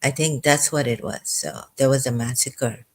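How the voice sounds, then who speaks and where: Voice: mid-range voice, normal speed. A vlogger in their fifties, rambling and tearful, breaking off with fillers and apologies. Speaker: video blogger. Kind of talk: rambling emotional commentary.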